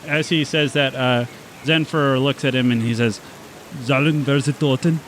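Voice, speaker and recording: A man narrating as game master in a tabletop game, relaxed and quick to laugh at himself. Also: medium pitch, a little hiss or hum.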